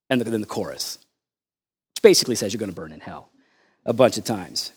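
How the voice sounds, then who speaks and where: A male pastor preaching a sermon, animated and conversational, swinging between loud emphatic lines and quiet asides, joking with the congregation. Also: on the low side, a little fast, pauses often, slightly rough.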